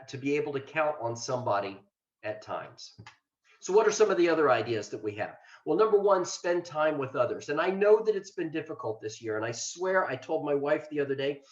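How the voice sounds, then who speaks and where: An older man from Ohio, a retired state trooper, giving a plainspoken, earnest talk on self-care with self-deprecating asides. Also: fairly high pitch. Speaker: mental health liaison, former state trooper. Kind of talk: webinar presentation. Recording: roomy, dull lo-fi sound.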